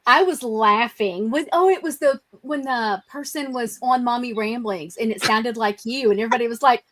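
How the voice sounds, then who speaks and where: A woman's voice: fairly high pitch, normal speed, fairly bright tone. A woman on a casual livestream chat, telling stories and quoting people with frequent laughter.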